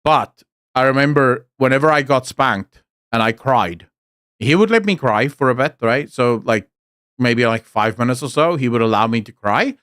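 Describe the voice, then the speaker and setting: A man's voice: mid-range voice, animated, normal speed, fairly bright tone, clean tone, no echo, studio quality. A man with a South African accent, a streamer telling blunt, profane stories in casual chat.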